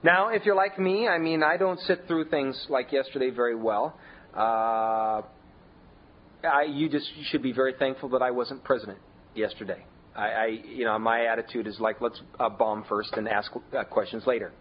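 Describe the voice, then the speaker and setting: A man preaching a sermon in a conversational way, leaning hard on key words with big shifts in pitch and volume. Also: moderate pace, muffled recording. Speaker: pastor.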